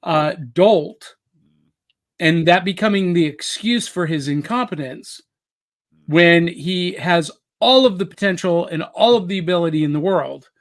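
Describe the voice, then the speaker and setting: Slow-talking man on a podcast. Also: high-pitched. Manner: measured, storytelling. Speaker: podcast host. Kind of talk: casual chat.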